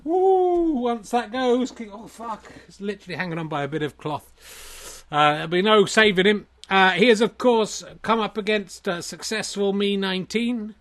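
Bright, high-voiced wry comedian host. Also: male voice. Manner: wry, self-mocking, quick asides. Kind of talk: comic solo sketch.

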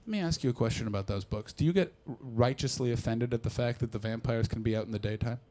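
A man telling a comic story on a podcast, animated and breaking into loud impressions. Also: mid-range voice, quick pace. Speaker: comedian and podcast host.

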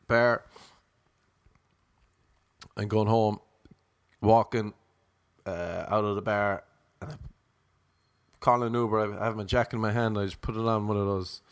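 A man's voice: on the low side, creaky, no echo. A man with an Irish accent telling rambling, self-mocking comic stories to his viewers. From Ireland. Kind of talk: casual comic storytelling.

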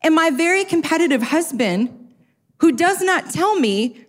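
A woman with a high, bright-toned voice tells a comic personal story to an audience. She pokes fun at herself and jumps into little acted-out quotes. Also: unhurried. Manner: lively, self-mocking, acts out quotes. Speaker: speaker sharing a personal story. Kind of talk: storytelling talk to a live audience.

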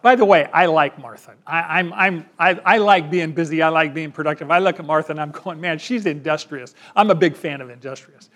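A man delivers a sermon in a voice that sits noticeably high for a man. He reads scripture and questions his listeners, pressing on some lines and dropping almost to a hush on others. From United States. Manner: emphatic, swings from loud to hushed, asks the congregation questions. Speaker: pastor.

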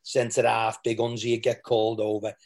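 An English former footballer tells candid stories in an interview, rambling, restarting and frequently quoting what people said. His voice is on the low side and a little mellow, delivered completely flat at normal speed.

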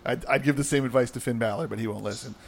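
A man's voice: medium pitch, racing, creaky. A young man with a New Jersey accent, hosting a podcast in casual, rambling chat, laughing often and swearing freely. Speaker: podcast host.

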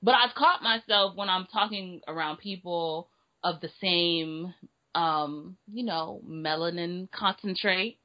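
A woman's voice: fairly low pitch, slow pace, dull audio. A woman co-hosting a casual chat, playful and teasing, laughing often. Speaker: podcast co-host.

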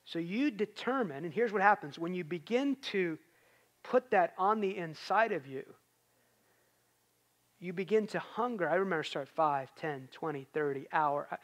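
A man's voice: sits high, normal speed. A man preaching a sermon in a conversational way, rising to emphatic peaks.

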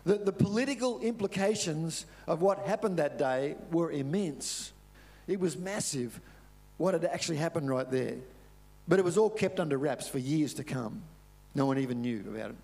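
An Australian man preaches with earnest, emphatic storytelling. His voice sits a little higher than most men's, and he drives points home by repeating them. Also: expressive, normal speed, darkish tone. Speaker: pastor. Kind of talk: sermon.

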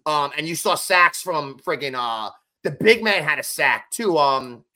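A man co-hosting a casual sports podcast, talking fast and emphatic as he runs through game stats. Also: a little high, animated, sharp tone. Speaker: podcast co-host.

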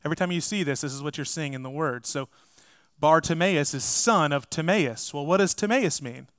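A man's voice: on the high side, fairly quick, a bit bright, clear, resonant tone, dry recording. A man preaching a sermon as pastor, emphatic and speaking straight to his congregation. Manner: emphatic, addresses the congregation directly.

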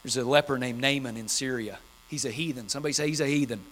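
A man's voice: mid-range voice, steady tone, racing, a bit bright. A man preaching an impassioned sermon, driving home key phrases by repeating them. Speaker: pastor.

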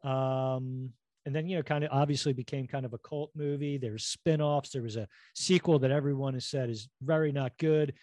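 A middle-aged man co-hosting a podcast in casual chat, quick with asides and jokes. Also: mid-range voice, fairly even intonation, darkish tone, no echo, studio quality. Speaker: podcast co-host.

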